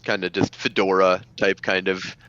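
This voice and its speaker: A man's voice: deep voice, little pitch movement, normal speed, sharp tone, no echo, muffled recording. A man narrating as game master, rambling and full of fillers.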